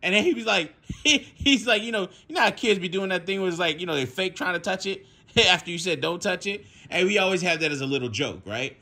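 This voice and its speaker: Animated man telling a laughing story. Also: sits high, quick pace. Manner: animated, laughing often, swearing freely. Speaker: vlogger. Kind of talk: casual storytelling vlog. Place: at home.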